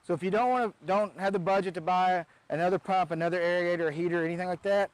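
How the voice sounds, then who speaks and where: A man's voice: high-pitched, steady tone, fast, smooth, poor audio. A man who runs a pond business giving a casual how-to demonstration outdoors beside a backyard pond, chatty and often restarting his sentences.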